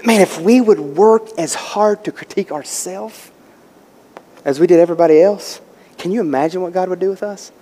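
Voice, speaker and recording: A man's voice: high-pitched, moderate pace, warm tone. A man preaching a sermon as pastor, impassioned, repeating words and asking rhetorical questions. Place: church sanctuary. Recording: long reverb of a large hall.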